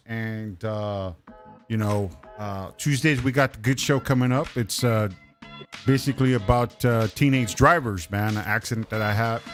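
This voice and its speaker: Man, podcast host, laid-back casual chat, even mid voice, faint background music. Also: mid-range voice. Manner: laid-back, swearing, laughs often.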